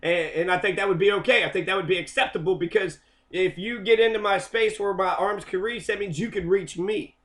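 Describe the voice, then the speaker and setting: A man's voice: high voice, a little fast, fairly bright tone. A man giving casual, rambling commentary on a video, full of profanity and loose asides.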